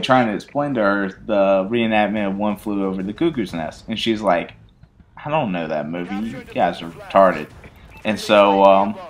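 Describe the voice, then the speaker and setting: A young man casually telling a rambling, funny personal story over gameplay, often breaking into laughter. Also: mid-range voice. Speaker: gaming channel host.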